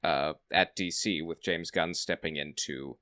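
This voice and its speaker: A man's voice: very deep voice, steady tone, unhurried, sharp tone. A man co-hosting a fan podcast, opening with an upbeat announcer-style greeting, then chatting casually. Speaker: podcast co-host.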